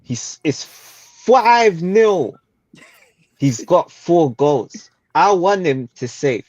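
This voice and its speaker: A man talks football at an easy pace, with slang and a lively rise and fall in his voice. The recording is dry and close, with a slightly muffled, lo-fi tone. It sounds like casual podcast talk. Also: on the high side, very slow, no room sound. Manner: laid-back, slangy, lively intonation. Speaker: co-host.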